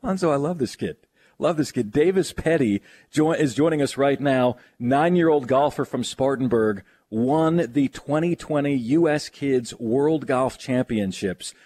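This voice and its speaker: This sports radio host has an animated, darkish voice and speaks at a measured pace. Interviewing a guest, he stays enthusiastic and jokey, with wide swings in pitch.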